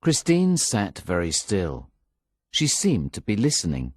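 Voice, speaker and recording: A man reading a story aloud in an expressive, measured narration. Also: fairly low pitch, husky, no room sound, clean studio sound. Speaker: audiobook narrator. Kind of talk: scripted narration.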